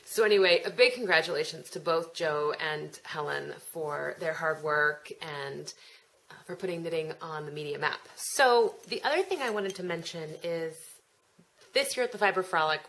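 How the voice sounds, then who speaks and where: A woman's voice: low-pitched, normal speed, a bit bright, poor audio. An American woman hosting a knitting podcast, talking casually with nasal vowels and a chatty, self-deprecating way of trailing off and picking her thread back up. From United States. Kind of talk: casual rambling monologue.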